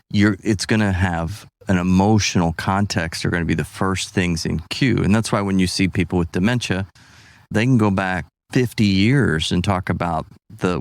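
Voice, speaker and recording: A man in casual conversation, calmly explaining ideas and building on his partner's points. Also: low-pitched, gravelly, no echo, clean studio sound.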